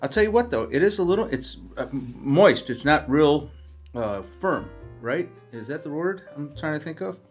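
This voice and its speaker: A man's voice: on the high side, expressive, moderate pace, faint music behind. A man co-hosting a home cooking show, enthusiastically tasting the food and chatting casually, often stumbling and restarting his words. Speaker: co-host. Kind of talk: casual chat. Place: home kitchen.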